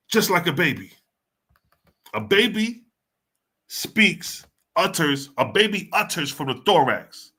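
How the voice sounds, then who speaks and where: A man's voice: a little high, sing-song, takes it slowly, long pauses, sharp tone, husky. A man reading passages of scripture aloud and then explaining them in casual, slangy, emphatic talk. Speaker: scripture teacher.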